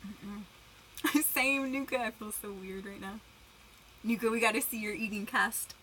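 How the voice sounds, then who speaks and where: Young female streamer, bright voice, giggly, chatty, casual livestream banter. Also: mid-range voice, fairly even intonation, a little slow, slight background noise, rough recording. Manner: giggly, chatty, greets viewers by name; self-conscious, eating while talking.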